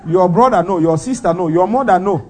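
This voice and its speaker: A man's voice: high voice, a little fast, a little mellow. A man preaching a sermon, firing off rhetorical questions and breaking into laughter.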